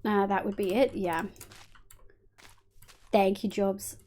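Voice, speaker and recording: A woman's voice: medium pitch, steady tone, takes it slowly, dark tone. A young Australian woman streaming live, chatting candidly and thinking aloud while she plays, with casual swearing and fond scolding of her cat.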